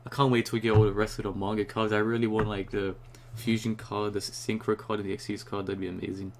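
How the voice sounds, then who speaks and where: A young man ranting casually and excitedly about a new card, rambling and swearing often, just after waking up. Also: on the low side, fast talker, a little hiss or hum. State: just woke up. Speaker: YouTuber reviewing a card.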